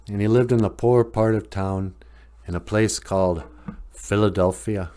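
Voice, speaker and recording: On the low side and speaking at normal speed, the man hosts a podcast and spins a casual, wandering story. He chuckles and leans heavily on fillers.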